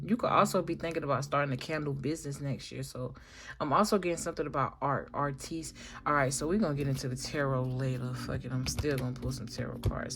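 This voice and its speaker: Low-voiced woman doing a tarot reading, slangy, cusses a lot, noisy background. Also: fairly quick. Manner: slangy, emphatic, swears freely. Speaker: tarot reader.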